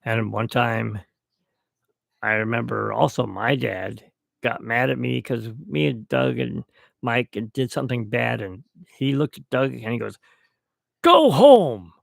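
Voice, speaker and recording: Alone at home, a middle-aged podcast host gives a slow, rambling toast, reminiscing along the way. His voice is deeply gravelly with heavy fry and a steady tone, and the sound is dry and close with no room echo.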